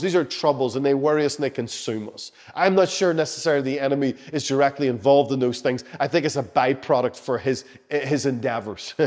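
A man preaching a sermon as pastor, urging loudly at times and dropping to soft, hushed lines at others. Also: mid-range voice. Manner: passionate, shifts between loud urging and soft hushed lines. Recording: long hall reverb.

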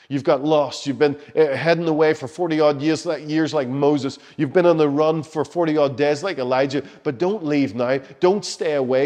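A man's voice: on the high side, moderate pace, hardly any pauses. Impassioned male preacher in a reverberant hall. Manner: passionate, shifts between loud urging and soft hushed lines. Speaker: pastor. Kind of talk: sermon.

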